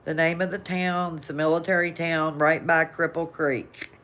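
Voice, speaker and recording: Low-voiced older Southern woman chatting. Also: flat delivery, moderate pace, hardly any pauses, fairly bright tone. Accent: Southern American. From Southern United States. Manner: rambling, chatty, laughs often. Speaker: livestream host. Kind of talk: casual live chat reading viewer comments.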